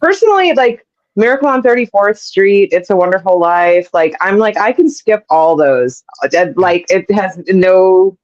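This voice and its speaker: A woman co-hosting a podcast in casual chat, talking with playful emphasis and quick asides. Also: mid-range voice, lively intonation, a little mellow, no room sound. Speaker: podcast co-host. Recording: dull lo-fi dry sound.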